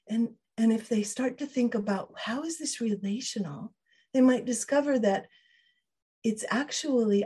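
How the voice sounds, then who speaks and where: A woman's voice: a little high, measured pace, dark tone, husky. A woman guest on an interview podcast, explaining ideas thoughtfully with frequent restarts and quoted inner voices. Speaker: podcast guest, emotional wellbeing trainer.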